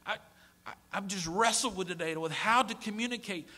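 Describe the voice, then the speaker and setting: A middle-aged man preaching a sermon as a pastor, moving from hushed storytelling to pleading shouts. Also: high voice, a little fast. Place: church sanctuary.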